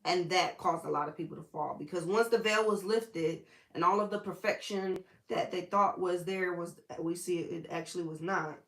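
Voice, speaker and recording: A woman's voice: lowish voice, normal speed, few pauses. Chatty woman preacher in an echoey room. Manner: chatty, animated, sassy asides. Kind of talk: casual Bible teaching.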